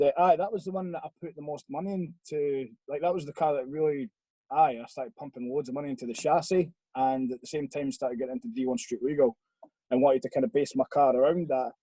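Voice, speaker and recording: A man's voice: a little high, mellow, breathy edge, dry recording, rough recording. A young Scottish man on a video call, telling a rambling, sweary story in casual chat. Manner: rambling, sweary, laid-back. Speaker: podcast guest.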